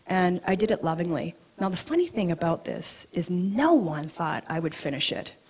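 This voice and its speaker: Husky-voiced woman telling a story. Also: fairly low pitch, normal speed. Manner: animated, laughing storyteller who acts out quotes. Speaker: acupuncturist giving a talk. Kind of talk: personal storytelling talk. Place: event venue.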